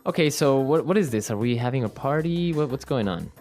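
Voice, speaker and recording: A man co-hosting an English lesson, explaining words clearly and slowly like a teacher. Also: medium pitch, expressive, a little mellow, soft background music. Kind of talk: language lesson chat.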